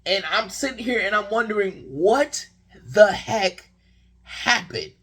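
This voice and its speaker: A young man with a slightly husky voice rambles through a casual basketball recap. His pitch rises and falls widely as he tells the story, and he sounds exasperated throughout. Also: animated, takes it slowly, fairly bright tone. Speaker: sports vlogger.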